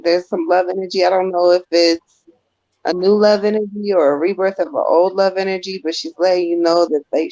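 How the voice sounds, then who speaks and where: A woman psychic medium giving a live-stream spirit reading, gentle and casual. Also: mid-range voice, no echo. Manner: emotional, gentle, casual colloquial. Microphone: phone. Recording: dull muffled phone audio.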